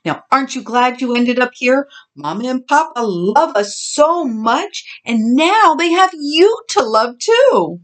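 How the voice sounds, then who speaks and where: A woman voicing a kind little girl piglet who coaxes and reassures. Her voice is very high and swoops up and down, told slowly and gently in a storybook reading. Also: sing-song, exaggerated voice. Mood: gentle. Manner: sweet, coaxing.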